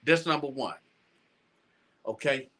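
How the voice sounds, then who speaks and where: A man hosting a show, telling a casual story to his viewers in an animated way, with stammered restarts and repeated phrases. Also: medium pitch, takes it slowly. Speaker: show host.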